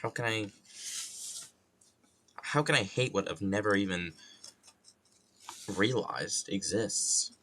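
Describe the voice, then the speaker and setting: A man's voice: on the low side, slow pace, pauses often, a bit bright, a little hiss or hum. A man from New York streaming live, rambling casually in a self-mocking, loosely profane way with a plain, neutral accent.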